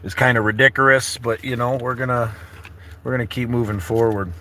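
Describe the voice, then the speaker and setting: A man's voice: mid-range voice, fairly even intonation, a little fast, very noisy. A man in his thirties chatting casually from inside his camper car, rambling in a laid-back way and calling viewers brother and buddy. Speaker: travel vlogger. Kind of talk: casual morning livestream chat.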